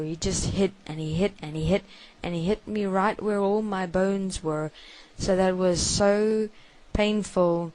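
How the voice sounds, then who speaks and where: Woman, first-person confession, slow halting delivery, somewhat low voice, repeats herself. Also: no echo, rough recording. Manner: halting, hushed storytelling with many repetitions.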